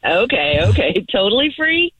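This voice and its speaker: A woman's voice: medium pitch, sing-song, moderate pace, slightly rough, no echo, recorded from a distance. A woman on the phone, chatty and giggly, taking a call she thinks is from her gym. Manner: bubbly, giggly, then apologetic. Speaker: caller on the phone. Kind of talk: phone conversation. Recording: tinny phone line.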